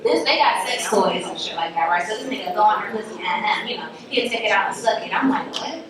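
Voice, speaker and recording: A woman's voice: mid-range voice, lively intonation, fast talker, crowd noise. Woman, storytime chat, profane, blunt, laughing, echoey room, distant mic.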